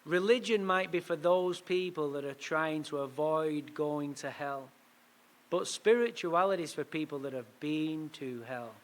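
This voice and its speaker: High-voiced man telling a recovery story. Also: noisy background. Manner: animated, punchy storytelling with quick asides. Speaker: speaker at a recovery meeting. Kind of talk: storytelling talk.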